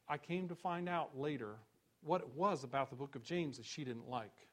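A male pastor delivering a sermon, building to loud, rising rhetorical questions and dropping low and soft on key phrases. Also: animated, a little fast.

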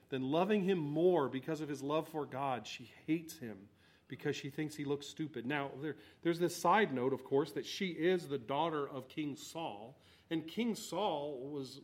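A man preaching a sermon, swinging between loud exhortation and quiet asides. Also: a little high. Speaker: pastor.

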